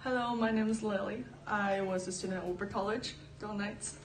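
A woman, a former student, explaining phrases in a plain, steady way. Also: mid-range voice, fairly quick. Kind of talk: casual explanation. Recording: roomy, distant mic, faint music.

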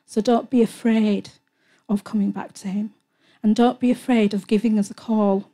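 A woman presenting a Christian TV programme, speaking in a gentle, earnest devotional way between hymns, soft-spoken and sometimes hesitant as she searches for words. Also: mid-range voice, steady tone, normal speed. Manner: soft-spoken, earnest, often trailing into a hush.

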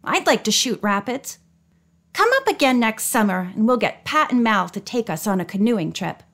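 A woman's voice: on the high side, animated, fairly bright tone. A woman reading an audiobook, voicing an eager, restless teenage girl. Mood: excited. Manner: eager, quick to complain.

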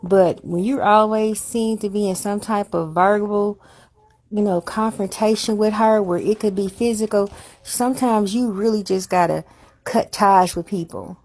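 Blunt husky woman giving advice. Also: medium pitch, fairly even intonation, measured pace, a little mellow. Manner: frank and blunt, lecturing tone, some cursing. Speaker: show host giving advice. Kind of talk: casual chat.

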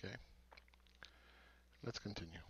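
A man's voice: measured pace, a bit bright. A man hosting market commentary, ranting in a mocking, profane and emphatic way. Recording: dull lo-fi dry sound.

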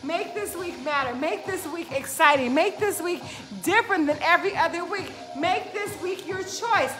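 Speaking at normal speed in an extremely high voice, a woman fitness coach gives live viewers a lively, preachy pep talk. Music plays behind her as she asks "right?" again and again.

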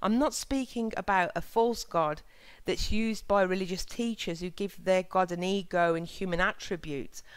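A woman hosting her own channel, giving a sincere, measured spiritual talk and reading scripture passages with soft emphasis. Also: on the low side, clean tone, no room sound.

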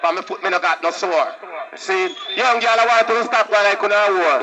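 A man's voice: high voice, moderate pace, a crowd in the background, poor audio. A man with a Jamaican accent talking as a deejay at a live stage show, chanting patois and calling out to Jah. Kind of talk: live stage toasting and chat. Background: band music.

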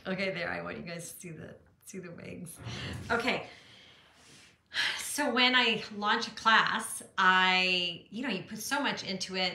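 A woman's voice: mid-range voice, sharp tone. Bubbly woman chatting live from her studio. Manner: bubbly and chatty, greets viewers by name, laughs often. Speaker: art teacher hosting a live studio chat. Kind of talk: casual live-stream chat. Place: home art studio, indoors. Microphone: phone camera. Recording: echoey room.

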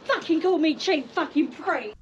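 An angry woman, swearing constantly and shouting at people on her driveway outdoors. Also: expressive, normal speed, lo-fi sound, heavy background noise. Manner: furious, swearing constantly, shrill outbursts. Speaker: prank victim. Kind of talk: heated shouting argument.

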